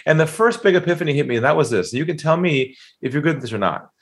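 Male storyteller, animated and emphatic, acts out quoted voices, lively mid pitch. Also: quick pace. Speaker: sales trainer guest telling a story.

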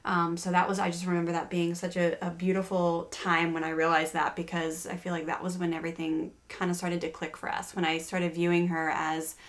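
A woman's voice: fairly low pitch, monotone, fairly quick, few pauses. A middle-aged woman hosting a parenting podcast, telling a family story in a chatty way with many fillers and restarts. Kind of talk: casual podcast chat.

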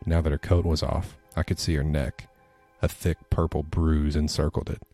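Male horror narrator, very deep and mellow, steady measured read. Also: faint music behind. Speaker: podcast storyteller. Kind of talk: scripted horror story narration.

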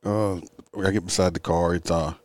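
A man's voice: low voice, fairly even intonation, normal speed, a little mellow, dry recording. An older man, a police officer, telling a traffic stop story in a blunt, profane, rambling way, tired and yawning. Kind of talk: casual storytelling.

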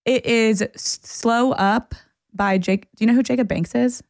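A woman's voice: a little high, fairly even intonation, a little slow, no room sound, clean studio sound. A woman co-hosting a podcast in casual chat, musing thoughtfully and easily. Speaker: podcast co-host.

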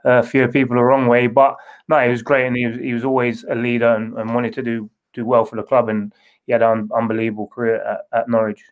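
A man's voice: mid-range voice, level tone, fast, poor audio. A man, a former footballer answering interview questions in a loose, rambling way with many restarts. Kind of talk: casual interview.

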